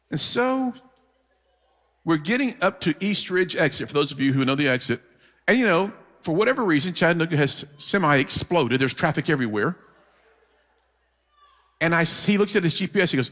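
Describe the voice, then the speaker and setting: A man's voice: fairly high pitch, a little fast, long pauses. Man preaching in a reverberant hall. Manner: humorous, animated storyteller. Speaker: guest preacher. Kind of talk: storytelling sermon. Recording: long hall reverb from church.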